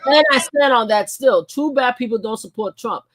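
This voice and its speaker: A woman's voice: a little high, moderate pace, noisy background. Emphatic older woman hosting a livestream. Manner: emphatic, repeats her points; exclaims loudly at clips. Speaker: livestream host. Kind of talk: livestream commentary reacting to clips.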